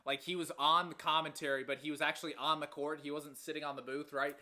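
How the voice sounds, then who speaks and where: A man's voice: on the high side, level tone, quick pace, bright, forceful tone. A man in his twenties co-hosting a casual sports podcast, ranting with exasperation and casual swearing. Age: 20s. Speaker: podcast co-host.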